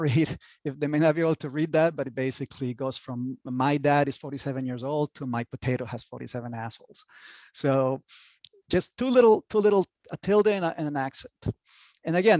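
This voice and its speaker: A man's voice: on the high side, darkish tone, no echo. Chatty man lecturing on slides, muffled. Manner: chatty, many fillers and restarts, laughs at own jokes. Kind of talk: casual presentation talk. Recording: dull, muffled, dry sound.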